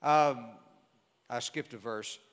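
A man preaching a sermon, explaining scripture in a measured, emphatic way. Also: medium pitch, a bit bright, smooth. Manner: measured, emphatic Bible exposition. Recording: long reverb of a large hall.

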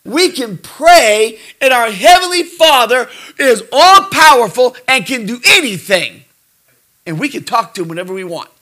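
A middle-aged man preaching a folksy sermon, joking and repeating himself, swinging from quiet asides to shouted praise. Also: very high-pitched, sing-song, moderate pace. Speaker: pastor.

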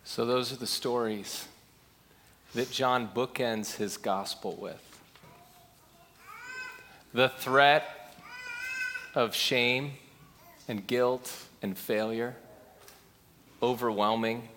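A man preaching a sermon in a slow, measured way. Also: medium pitch, fairly bright tone, slight background noise. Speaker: pastor.

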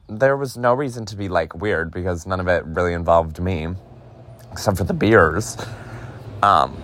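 A man's voice: mid-range voice, fairly bright tone. A young man casually telling a story, chatty and profane, with lots of filler words. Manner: chatty, heavy use of "like", profane. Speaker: podcast host.

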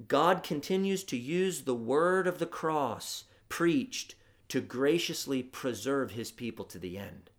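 A man preaching a Good Friday sermon, stressing his points emphatically and swinging between loud declarations and quiet reading. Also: on the high side. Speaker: pastor.

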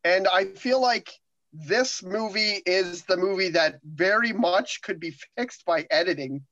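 A man's voice: high voice, a little slow, fairly bright tone, no room sound, highs cut off. A man in casual conversation about movies, rambling with many restarts. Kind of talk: casual chat.

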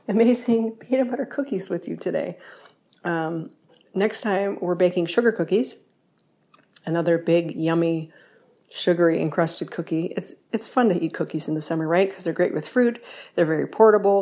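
A woman with a slightly low voice hosts a home baking show from her kitchen. She talks in a loose, chatty way, full of fillers, and corrects herself as she goes. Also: darkish tone, slight background noise. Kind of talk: casual baking demonstration.

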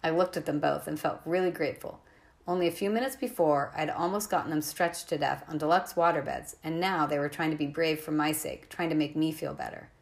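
Woman audiobook narrator, lower voice, clear expressive first-person storytelling. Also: brisk. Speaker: audiobook reader.

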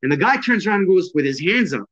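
A man's voice: high voice, big pitch swings, fast, fairly bright tone. Man, self-defense instructor, casual talk, blunt, emphatic, swears a lot, dull lo-fi sound. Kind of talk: casual podcast conversation.

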